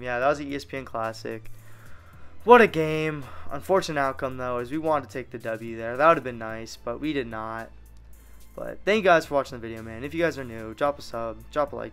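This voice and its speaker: A young man commentates on his own football video game, calling each play out loud. His voice is smooth and clear at a middling pitch, with faint game music underneath. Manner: excitable, narrates plays as they happen. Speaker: gaming YouTuber. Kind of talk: live gameplay commentary.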